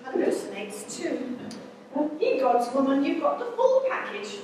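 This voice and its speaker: A woman's voice: sits high, huge pitch swings, measured pace, noisy background, exaggerated voice. An actress playing a condescending, imperious upper-class lady in an amateur stage comedy. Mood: haughty. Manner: imperious and patronising. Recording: echoey hall, stage mic from far off.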